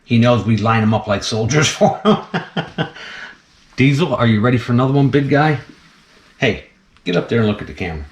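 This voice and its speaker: A man's voice: medium pitch, lively intonation, normal speed, long pauses, roomy sound. A man hosting a casual vlog while feeding a snake, chatty and laughing often as he talks to the animal. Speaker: snake keeper and channel host.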